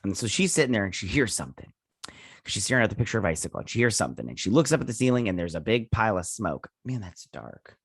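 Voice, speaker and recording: A man with a lowish voice talks through a TV episode in a loose, rambling recap. He leans on fillers and keeps losing track of names as he goes. The sound is dry and close, with no room around it. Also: sing-song, fast talker, gravelly, husky, no room sound. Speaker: show reviewer and host.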